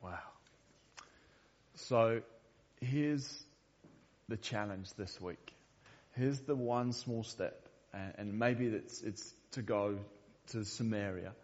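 A man's voice: on the low side, takes it slowly, a little mellow, long reverb tail, highs cut off. A man preaching a sermon in a church, speaking earnestly and often repeating the first word of a sentence. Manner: earnest, repeats words when starting sentences. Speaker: pastor.

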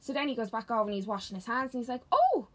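A woman's voice: fairly high pitch, a bit bright. A woman with a Dublin accent, co-hosting a casual chat and telling stories bluntly and with plenty of swearing. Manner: blunt, swears freely, tells stories fast. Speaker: podcast co-host.

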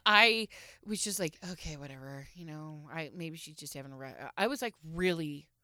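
Thirties woman, podcast co-host, animated raconteur who voices everyone in her story, bright tone. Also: low voice, moderate pace, dry recording. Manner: animated storyteller who acts out quoted lines. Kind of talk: casual chat, telling an anecdote.

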